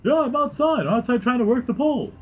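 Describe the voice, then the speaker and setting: A man's voice: very high-pitched, animated, fast, soft background music, pitched above the performer's own voice. A man voicing a panicky older carnival barker who is a fussy father, talking in a fretful, whiny, raised voice.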